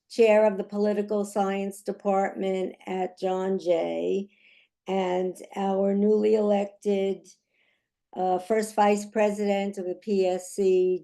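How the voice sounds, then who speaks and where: Woman meeting chair losing her voice, slow and mellow delivery, fillers between announcements. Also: medium pitch.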